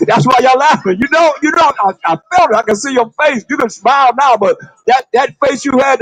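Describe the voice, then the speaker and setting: A man's voice: very high voice, fairly quick, a bit bright, dry recording, rough recording. A man preaching outdoors on a city street, confronting and calling out to passersby.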